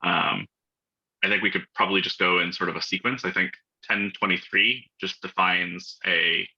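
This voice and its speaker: Deep, gravelly man on a dull call. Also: steady tone, normal speed, bright, forceful tone. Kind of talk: casual technical meeting discussion. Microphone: video call.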